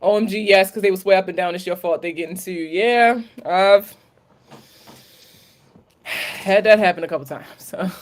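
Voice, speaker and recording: Speaking in a mid-range voice at a moderate pace, she pauses often. She's a Maryland credit coach with a local accent, fielding viewer questions on a laid-back livestream and peppering her frank answers with swearing and slang.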